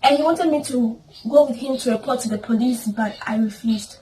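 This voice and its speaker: A woman's voice: high-pitched, fairly quick, mellow, a little hiss or hum. A woman telling a personal story in a vlog, earnest and emotional, with prayerful asides. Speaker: storytime vlogger. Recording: voice at a distance from the mic with faint ambience.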